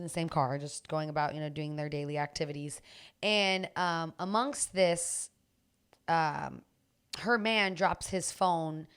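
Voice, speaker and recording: A woman's voice: lowish voice, clean tone. A young woman podcast co-host telling a story in a chatty, filler-heavy way. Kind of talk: casual storytelling.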